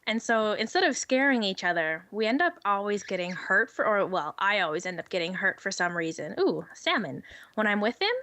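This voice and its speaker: Young woman guest, giggly animated storyteller, very lively pitch, dry close sound. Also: brisk, dry recording. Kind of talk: casual storytelling chat.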